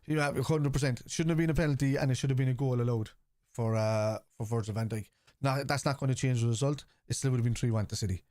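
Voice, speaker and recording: A man's voice: medium pitch, fast talker, hardly any pauses, a little mellow, dry recording, clean studio sound. A man hosting a live fan watchalong, reading out and answering viewer chat in a blunt, casual way, swearing freely. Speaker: fan channel host.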